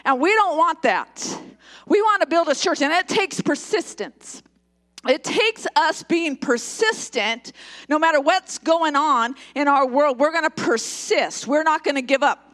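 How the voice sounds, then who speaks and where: A woman's voice: sits high, lively intonation, measured pace, fairly bright tone. A woman pastor preaching a live sermon in a church service, emphatic and joking, calling for responses from the congregation.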